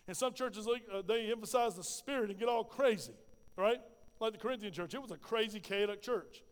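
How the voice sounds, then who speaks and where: High-voiced preacher in a reverberant church. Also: male voice. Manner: lively preaching with call-and-response questions; folksy, conversational asides. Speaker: pastor. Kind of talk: sermon.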